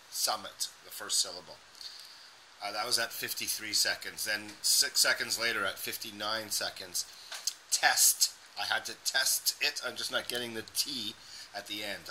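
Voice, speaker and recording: A man's voice: lowish voice, bright, forceful tone, a little hiss or hum, poor audio. A man coaching a student on pronunciation, giving encouraging feedback and over-articulating sounds. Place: indoors, dim lighting.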